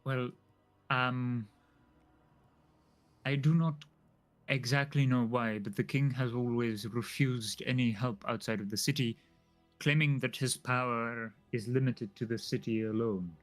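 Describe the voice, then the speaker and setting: A man voicing a formal, secretive male dwarf noble who speaks in a measured, hesitant way. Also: mid-range voice, fairly even intonation, faint music behind, natural voice. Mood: earnest. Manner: formal, hesitant, fills pauses with "um".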